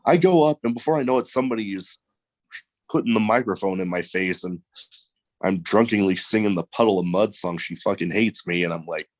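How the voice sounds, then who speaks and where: Low-voiced laid-back host. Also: male voice, brisk, darkish tone, rough recording. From American Midwest. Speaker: podcast host. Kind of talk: casual chat.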